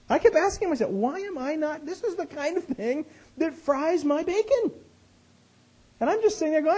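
A man telling a personal story in a conversational sermon, animated and self-deprecating, his voice jumping up high when he gets excited. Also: fairly quick, husky. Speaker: speaker, Christian teacher. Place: West Coast of the US.

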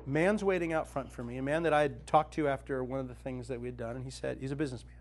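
A man's voice: medium pitch, quick pace. A male Christian speaker and author telling a personal faith story to a group, acting out the dialogue with self-mocking humor.

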